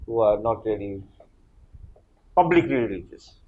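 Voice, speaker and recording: A man speaking on a panel discussion, talking in a halting way with frequent restarts and fillers. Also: on the low side, expressive, phone-quality sound.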